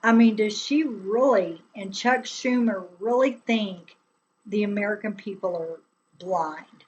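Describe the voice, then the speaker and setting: A woman chats slowly and loosely to her live stream viewers, laughing often as she rambles along. Her voice sits at a middle pitch, and a faint noise hums underneath. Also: low-quality recording. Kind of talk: casual political chat on a live stream.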